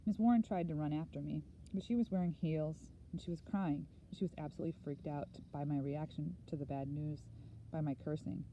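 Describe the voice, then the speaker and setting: Woman audiobook reader with a low, very mellow voice, earnest and measured, slightly dull recording with faint hiss. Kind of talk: first-person novel reading.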